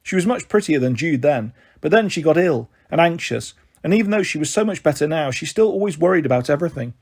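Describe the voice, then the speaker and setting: A man reading a children's novel aloud, giving an expressive first-person narration. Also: a little high, fast, breathy edge. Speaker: storyteller.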